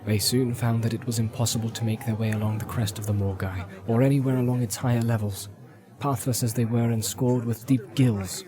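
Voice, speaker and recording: A man narrating a fantasy audiobook in a measured storytelling way. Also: medium pitch, steady tone, music in the background.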